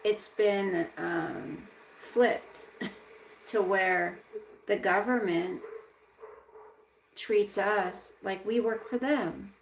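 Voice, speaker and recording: Gravelly-voiced woman ranting on a livestream. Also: medium pitch, extremely slow, pauses often, a little hiss or hum, rough recording. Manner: indignant ranting, slipping into baby talk with her pet. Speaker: livestream host. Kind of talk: casual live-stream chat.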